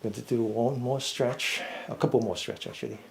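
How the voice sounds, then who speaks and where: A middle-aged man leading a seated mindful fitness class, giving slow, patient step-by-step cues. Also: mid-range voice, gravelly. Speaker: fitness and meditation instructor. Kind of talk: guided seated exercise class.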